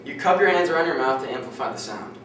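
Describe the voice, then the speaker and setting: A young man giving a prepared class speech, reading steadily and clearing his throat now and then. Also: a little high, fast, a bit bright, a little hiss or hum. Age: young adult. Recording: echoey classroom from far off.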